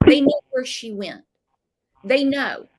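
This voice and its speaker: A woman's voice: high-pitched, animated, slow pace, a little mellow. A woman hosting a livestream with callers, blunt and opinionated as she reads out viewer comments. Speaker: host.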